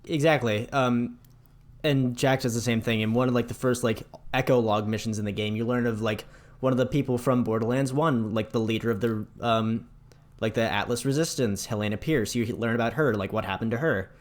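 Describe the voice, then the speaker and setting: A man's voice: mid-range voice, steady tone, a little fast. A man co-hosting a casual podcast, animatedly retelling game scenes and mimicking a villain in a mocking voice. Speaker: podcast co-host. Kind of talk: casual chat about video games.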